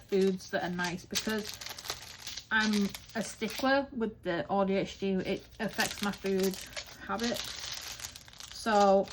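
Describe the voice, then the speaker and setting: An English woman rambles through a casual vlog chat, animated and quick to swear. Her voice sits at an ordinary middle pitch. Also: noisy background. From England. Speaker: craft vlogger. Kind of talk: chatty vlog monologue.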